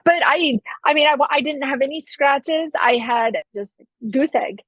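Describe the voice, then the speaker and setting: A woman's voice: high-pitched, unhurried, a bit bright, no echo, low-quality recording. Teasing female podcast co-host, dry close sound. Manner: teasing, pointed questions. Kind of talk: casual chat.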